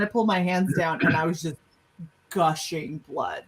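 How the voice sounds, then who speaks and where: A woman on a panel show, telling a personal story in casual chat, animated and cursing freely. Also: on the low side, brisk, low-quality recording. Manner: animated, swearing, laughing storyteller. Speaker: podcast panelist.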